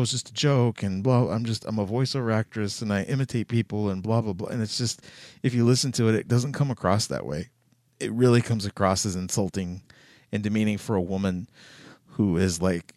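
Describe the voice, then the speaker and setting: A man's voice: lowish voice, a little mellow, no room sound, studio quality. A man hosting a casual commentary show, loose and swearing, with lots of fillers. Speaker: host.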